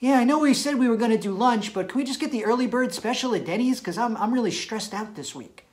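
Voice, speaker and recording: A man's voice: very high-pitched, expressive, fast, a little mellow, voice pushed up. A man voicing a young woman making airy excuses with a lilting, filler-heavy way of talking. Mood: breezy. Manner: lilting, upspeak, valley-girl filler.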